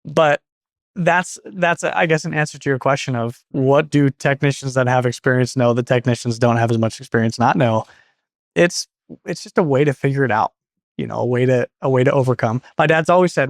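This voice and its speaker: Guest man, 30s, chatty and meandering, slips into quoted voices; mid-pitched, dry booth sound. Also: brisk, creaky, no echo. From Portland, Oregon. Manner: rambling, self-correcting, acts out quoted dialogue. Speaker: guest, garage door business owner. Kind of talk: casual interview storytelling.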